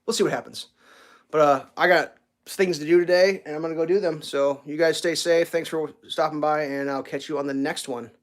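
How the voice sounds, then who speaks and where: A man's voice: on the high side, steady tone, brisk. A man hosting a casual home livestream, telling rambling stories and talking to his cat. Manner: rambling storyteller, stammers on restarts; baby talk with his cat. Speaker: livestream host. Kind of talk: casual chat.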